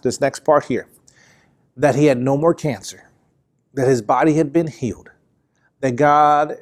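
A man's voice: on the high side, darkish tone. A man preaching a sermon in an emphatic, repetitive cadence.

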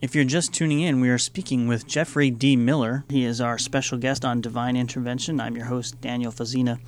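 A man hosting a radio talk show, interviewing a guest and calmly summarizing what he hears. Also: mid-range voice, a little fast. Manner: listens with short responses, calm summarizing.

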